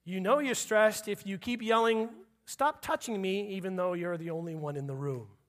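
A man's voice: high voice, steady tone, fairly quick. A man preaching a sermon as pastor, joking with the congregation and repeating punchlines. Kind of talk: sermon with humor.

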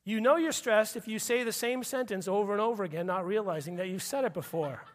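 A man's voice: sits high, fast. A man preaching a sermon as pastor, joking with the congregation and repeating punchlines. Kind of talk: sermon with humor.

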